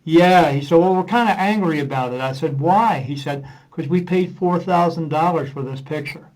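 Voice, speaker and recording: In a low-quality recording, a medium interviewed on a podcast tells loose, casual stories at a moderate pace. His voice is a little high and a little mellow, and he acts out conversations full of "uh" fillers.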